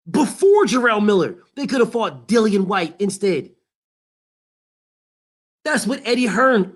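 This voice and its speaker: A man's voice: sits high, a bit bright. A man hosting a boxing show, ranting in a heated, emphatic and profane way and repeating his points. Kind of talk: boxing commentary rant.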